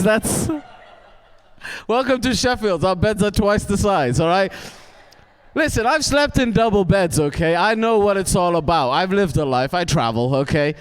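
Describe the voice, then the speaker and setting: A young man from Wales performs stand-up on a theatre stage, grumbling and ranting with a cantankerous edge. His voice sits a little high and sounds smooth and resonant. He stumbles into quick restarts as he throws questions at the crowd. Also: animated, long reverb tail. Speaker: stand-up comedian. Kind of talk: stand-up comedy set. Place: theatre stage before a live audience.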